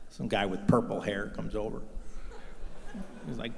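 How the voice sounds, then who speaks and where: A man doing a profane stand-up routine on stage, telling deadpan stories and acting out the other people in them. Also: on the low side, moderate pace, gravelly, long pauses. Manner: profane, deadpan storytelling with acted-out voices. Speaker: stand-up comedian. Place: theater stage with live audience. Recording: live hall reverb.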